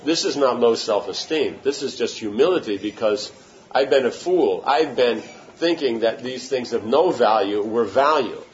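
A man gives an informal devotional talk as a spiritual teacher, speaking conversationally and often checking whether his point makes sense. His voice is medium-pitched with lively intonation at a normal speed. The recording is slightly muffled, with faint room noise.

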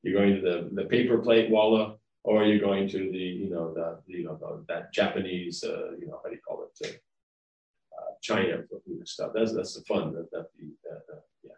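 A man's voice: low voice, fairly even intonation, normal speed, vocal fry, darkish tone, lo-fi sound. A man giving a devotional class lecture in a rambling, conversational way, often checking in with his listeners. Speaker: spiritual lecturer. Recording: roomy, distant mic.

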